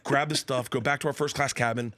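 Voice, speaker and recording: Brief: comedian guest from Florida, forties, male; bright, animated storyteller who jumps into characters' voices; dry studio sound. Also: fairly quick, no room sound. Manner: acts out characters with wild pitch jumps and laughter.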